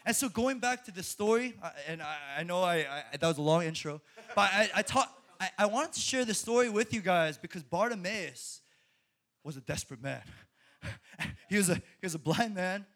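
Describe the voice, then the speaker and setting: Young male preacher, high voice, animated, laughs often and stumbles into restarts. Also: normal speed. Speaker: speaker at a college ministry. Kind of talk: sermon.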